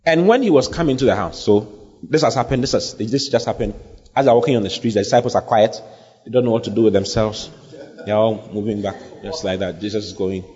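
A man's voice: lowish voice, brisk, a little mellow, husky. A man preaching a sermon as pastor, repeating phrases and building emphasis. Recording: dull sound with long hall reverb.

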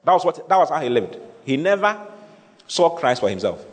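Male preacher, slightly raised pitch, repetitive teaching delivery, long hall reverb. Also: very animated, a little fast. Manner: repeats key phrases, checks the congregation is listening. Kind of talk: sermon teaching.

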